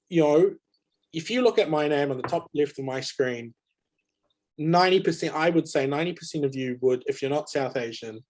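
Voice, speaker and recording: A man moderating a webinar panel over a video call, conversational, with many fillers and restarts. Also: fairly high pitch. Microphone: video call mic.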